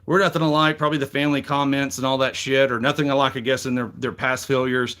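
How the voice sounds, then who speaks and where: A middle-aged Southern man talks through wrestling results at his own loose pace. He rambles, cusses freely and fills gaps with "uh" and "you know", and his voice sits at an ordinary middle pitch. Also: little pitch movement, fast, fairly bright tone. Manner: rambling, frank, swears freely, many fillers. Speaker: wrestling reaction show host. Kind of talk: casual commentary.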